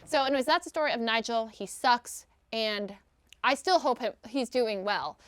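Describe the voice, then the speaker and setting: A woman telling lively stories in casual podcast chat, acting out the people she quotes. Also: fairly high pitch, normal speed, no echo. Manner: animated storytelling, quotes people in voices. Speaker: guest.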